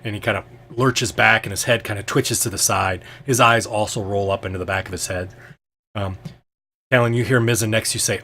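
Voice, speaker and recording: A man's voice: lowish voice, fairly even intonation, brisk, pushed and bright, slightly rough. A man narrating as game master of a tabletop game, hesitant and full of ums and restarts.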